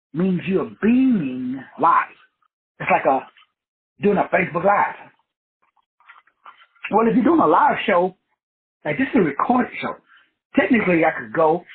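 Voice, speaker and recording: Husky man on a tinny line. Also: high voice. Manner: preachy, wordplay-driven, repeats phrases for emphasis. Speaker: podcast host. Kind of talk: motivational talk show monologue.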